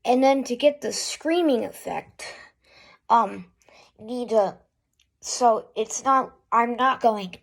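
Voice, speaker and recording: A woman hosting a casual spoken tutorial, talking haltingly with fillers and restarts. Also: on the high side, gravelly. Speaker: YouTube voice tutorial host.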